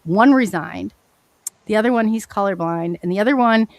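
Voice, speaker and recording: A woman of middle pitch tells her story in a rambling, animated way, tumbling over herself and restarting sentences mid-thought. Her voice sits dry and close, with no room around it. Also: normal speed, no echo. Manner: animated, rambling, frequent restarts and self-corrections. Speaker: guest telling her experiencer story. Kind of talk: casual spoken storytelling.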